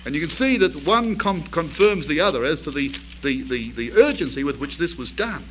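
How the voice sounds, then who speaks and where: A man's voice: a little high, animated, normal speed, a little hiss or hum, poor audio. A man preaching a sermon to a congregation. He tells the story vividly, asks rhetorical questions and builds to emphatic bursts.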